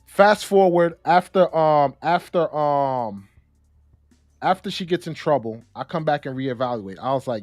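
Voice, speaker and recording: A young adult man co-hosting a casual discussion, talking in an animated way with slang and repeated words. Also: mid-range voice, moderate pace, no echo, faint music behind. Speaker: podcast co-host.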